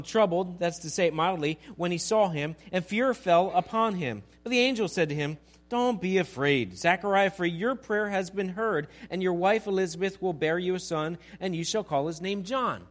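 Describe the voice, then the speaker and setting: A man, a pastor, teaching a Bible passage in a relaxed conversational way, asking his listeners questions and acting out the scenes. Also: high voice, normal speed. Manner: conversational, acts out scenes with asides.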